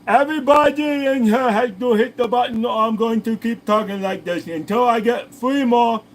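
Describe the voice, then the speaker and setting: A man's voice: very high-pitched, moderate pace, pitched above the performer's own voice, low-quality recording. A man putting on a snooty, exaggerated Upper East Side Manhattan accent to mock it.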